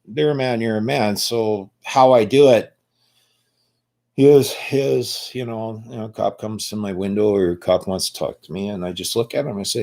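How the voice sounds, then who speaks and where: A man's voice: on the low side, steady tone, moderate pace, gravelly, darkish tone. A man in his sixties from Canada, talking bluntly and profanely in a rambling casual monologue.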